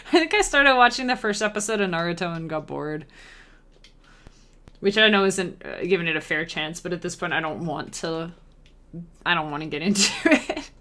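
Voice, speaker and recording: A woman's voice: lowish voice, lively intonation, normal speed, pushed and bright. A woman streaming herself making chiptune music, chatting casually and rambling, reading viewers' chat aloud and humming melody ideas.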